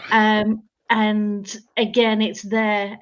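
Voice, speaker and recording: A woman, a guest on a chat show, telling her story in an earnest, measured way. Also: medium pitch, completely flat delivery, smooth, highs cut off. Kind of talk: casual chat.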